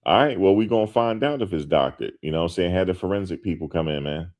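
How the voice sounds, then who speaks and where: A man's voice: deep voice, expressive, quick pace, a little mellow. A man hosting a show, talking casually and emphatically to his viewers, repeating his points with lots of slang. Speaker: host.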